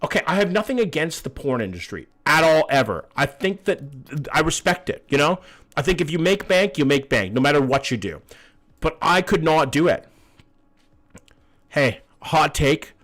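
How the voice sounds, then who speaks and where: A man's voice: on the high side, big pitch swings, normal speed, a bit bright. A young man, casually chatting and swearing while playing a map-guessing game on a live stream and greeting his chat.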